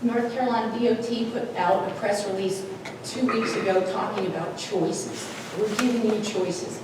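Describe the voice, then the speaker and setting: A woman's voice: medium pitch, normal speed. Middle-aged woman pleading in an echoey hall. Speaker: public meeting speaker. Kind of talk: public comment at a meeting. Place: public meeting hall. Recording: echoey hall from far off, noisy.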